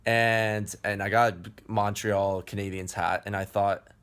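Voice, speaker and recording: A man's voice: lowish voice, steady tone, unhurried, fairly bright tone, clear, resonant tone. An American man from Chicago hosting a travel fitness vlog, talking earnestly and casually to camera, often repeating and restarting phrases. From Chicago, United States. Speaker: travel fitness vlogger, host.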